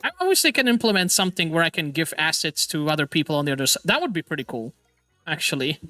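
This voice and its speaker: Male VTuber streamer, excitable, stammering, bright voice, dry close sound. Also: fairly high pitch, fast, no room sound, faint music behind. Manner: excitable, stammering restarts, laughs and swears often. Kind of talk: casual live-stream chat.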